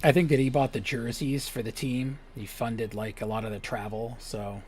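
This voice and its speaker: A young man chatting on a live stream at an ordinary middle pitch. He rambles through jokey stories and slips into whispered asides. Faint music plays quietly behind him. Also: flat delivery, moderate pace. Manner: rambling, joking storytelling, drops to a whisper for asides. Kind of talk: casual chat while streaming a game.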